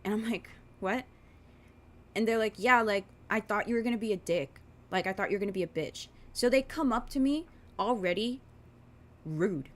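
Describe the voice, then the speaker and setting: A vlogger in her twenties rants casually while doing her makeup, rambling, swearing, and using lots of filler words. Her voice is medium-pitched and her pace moderate.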